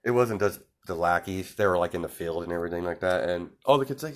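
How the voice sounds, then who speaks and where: Deep-voiced man rambling through a story. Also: fast talker, hardly any pauses. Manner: rambling, many fillers and restarts. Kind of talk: casual improvised storytelling.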